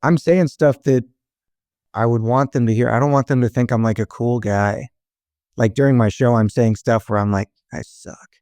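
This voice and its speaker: A man's voice: medium pitch, steady tone, normal speed, a little mellow, no room sound. A young man and stand-up comedian, a podcast guest, telling loose, profane stories with laughs. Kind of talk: casual storytelling chat.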